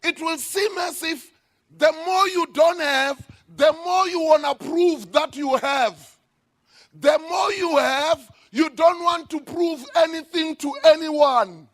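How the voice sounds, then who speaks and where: A male pastor from South Africa preaches in a church, his voice sitting unusually high. He takes his time over each phrase, then suddenly raises his voice to a shout to drive a point home. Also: slow pace. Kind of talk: sermon.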